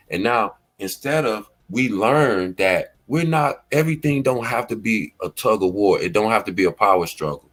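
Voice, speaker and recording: Laid-back man, low voice, AAVE. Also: expressive, moderate pace, few pauses, fairly bright tone. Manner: laid-back storytelling, acts out quoted lines. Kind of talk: casual commentary talk.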